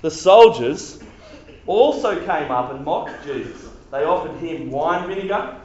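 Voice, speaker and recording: High-voiced man preaching in echoey hall. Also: unhurried. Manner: animated, repetitive, casual slang, acts out quotes. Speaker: youth preacher. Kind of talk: sermon to young people. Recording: very echoey hall, dull sound.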